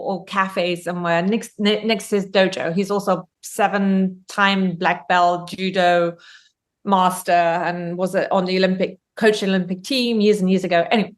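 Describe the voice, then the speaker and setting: A woman from Germany, a guest author on a podcast, telling stories in a chatty way with many ums and restarts. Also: mid-range voice. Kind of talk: podcast interview.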